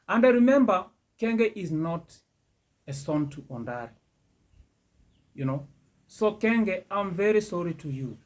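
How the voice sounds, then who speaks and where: A man with a Kenyan accent talks to his online audience in a casual commentary. His voice sits fairly high for a man, and he speaks slowly and deliberately. He leans on each point with emphasis. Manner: slow and emphatic, addresses viewers directly, frequent "you know".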